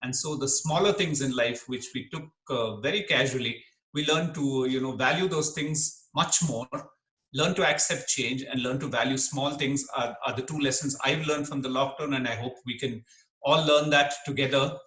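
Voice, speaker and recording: A middle-aged man from Kerala, speaking as an interview guest in an earnest, animated way and laughing easily. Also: medium pitch, normal speed. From Kerala, India. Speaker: interview guest, dermatologist and comedian. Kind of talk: reflective interview talk. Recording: echoey room.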